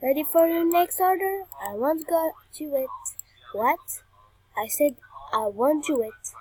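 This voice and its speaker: A woman's voice: sits high, animated, a little slow, mellow, rough recording. A young woman playing a video game, reading the on-screen text aloud and chatting playfully as she plays. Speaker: gamer. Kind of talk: game commentary.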